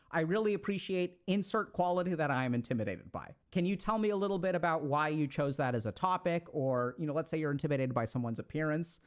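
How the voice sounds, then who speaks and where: Fast, lively man giving advice. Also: on the high side. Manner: animated, conversational, acts out quoted lines. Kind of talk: casual motivational talk.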